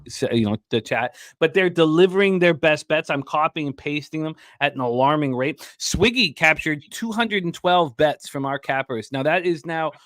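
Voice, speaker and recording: A man hosting a live sports betting show, joking in a deadpan, crude way and reading out bets. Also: fairly high pitch, normal speed, few pauses, no echo, clean studio sound. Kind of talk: casual live-stream banter.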